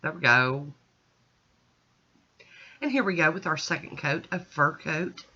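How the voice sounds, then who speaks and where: Chatty woman doing nail art voice-over, bright sharp voice, kinda muffled lo-fi sound. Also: low-pitched, lively intonation, measured pace, slight background noise. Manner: chatty, talks through each step. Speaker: nail art channel host. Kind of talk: casual voice-over nail tutorial.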